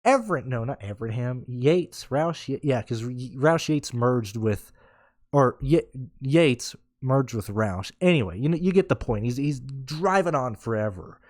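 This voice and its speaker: A man's voice: medium pitch, expressive, a little slow, no room sound, studio quality. A man ranting in a casual podcast, blunt and sarcastic, swearing freely and rambling with restarts. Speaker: podcast host. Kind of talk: casual rant.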